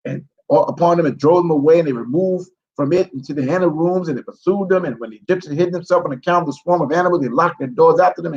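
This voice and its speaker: A man's voice: fairly high pitch, highs cut off. A man reads scripture aloud, stumbling over words and breaking off into profane, incredulous commentary.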